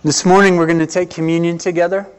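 A man preaches from the pulpit. His voice sits a little high for a man. He swells on key words and drops to near-quiet for tender moments. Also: little pitch movement, quick pace, smooth. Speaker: pastor. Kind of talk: sermon.

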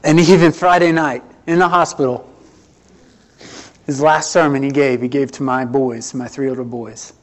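A middle-aged man, preaching a sermon earnestly, with swells and hushed drops. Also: medium pitch, fairly even intonation, normal speed. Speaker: pastor.

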